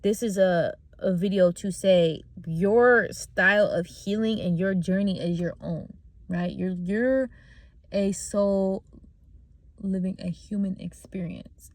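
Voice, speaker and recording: A woman's voice: mid-range voice, darkish tone, no room sound. A young woman talking casually and bluntly about spiritual healing, swearing freely while she drives. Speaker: vlogger. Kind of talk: casual spiritual car talk. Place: inside a car while driving. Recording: road noise in a moving car.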